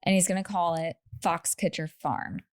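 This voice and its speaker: A woman's voice: lowish voice, fairly even intonation, moderate pace. A woman co-hosting a podcast, telling a true story in casual chat with laughing asides and lots of "like".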